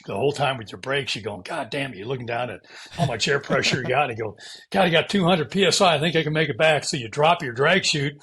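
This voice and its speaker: In this storytelling interview, a former fighter pilot, an older American, acts out radio calls and hissing brakes and swears offhandedly. His voice sits at medium pitch with a fairly bright, slightly rough tone, and the telling is animated.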